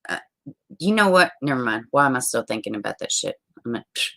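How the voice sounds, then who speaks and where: A woman with a drawl hosts a true crime livestream, her voice bright and clear. She talks loosely to her chat and breaks into swearing rants. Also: a bass voice, very animated, fast talker. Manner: frustrated, swearing, ranting.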